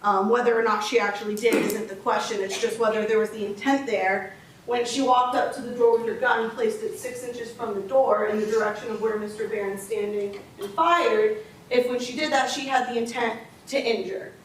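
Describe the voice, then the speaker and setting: A woman prosecutor walks a jury through the law step by step, stressing each point with emphasis. Her voice sits somewhat high. She is picked up from a distance in an echoey courtroom, with faint noise underneath. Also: steady tone, moderate pace. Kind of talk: closing argument to a jury.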